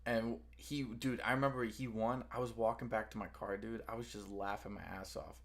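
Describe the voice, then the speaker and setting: Low-voiced man, rambling casual chat. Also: fairly even intonation, brisk, fairly bright tone. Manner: rambling, restarts a lot, slangy.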